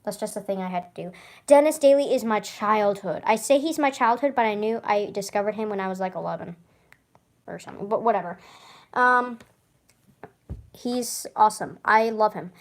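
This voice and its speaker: A woman vlogger talks casually to the camera in a medium-pitched voice at a moderate pace. She's chatty and rambles, laughing often, and frequently stutters and starts her sentences over.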